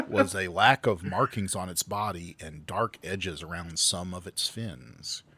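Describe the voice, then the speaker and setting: Low-voiced man reading news. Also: a little slow, pushed and bright, husky. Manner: reads articles aloud, stumbles over words. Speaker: podcast co-host reading news stories. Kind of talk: casual chat.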